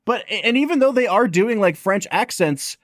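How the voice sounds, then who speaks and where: A man's voice: high voice, normal speed, no room sound, studio quality. A man hosting a podcast, chatting casually and enthusiastically over a video call. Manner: enthusiastic, expressive. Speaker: podcast host. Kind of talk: casual chat.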